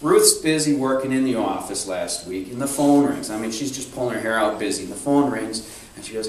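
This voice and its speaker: Businessman giving a talk, lively storyteller. Recorded far off in a very echoey room with faint hiss. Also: medium pitch, a little fast. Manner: animated storyteller, acts out quotes. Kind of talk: speech to a networking group. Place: meeting room.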